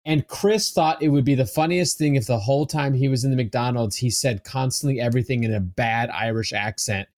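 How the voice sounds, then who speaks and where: A man's voice: mid-range voice, fairly quick, a little mellow. A man telling a long anecdote on a podcast, full of fillers and restarts. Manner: rambling anecdote with frequent fillers. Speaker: podcast regular. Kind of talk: casual chat.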